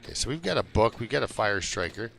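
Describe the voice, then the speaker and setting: A low-voiced man rambles through a live game stream, joking with his chat. His voice is gravelly with a bright, edgy tone, and faint music plays behind him. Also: very animated, quick pace. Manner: rambling, jokey, talks to chat. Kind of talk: casual live-stream commentary.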